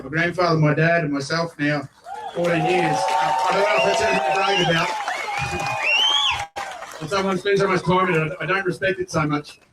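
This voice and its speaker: A high-pitched Australian man speaks bluntly and folksily at a rally, driving his points up into shouts. He is middle-aged and talks in a loose, plain way. His voice is caught from a distance. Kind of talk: outdoor rally speech. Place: outdoor rally. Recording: voice picked up from far off.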